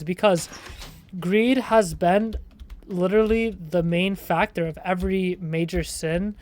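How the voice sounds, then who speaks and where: A man's voice: high voice, darkish tone. A young man giving casual gameplay commentary, rambling in slang with sudden startled outbursts. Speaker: gaming streamer.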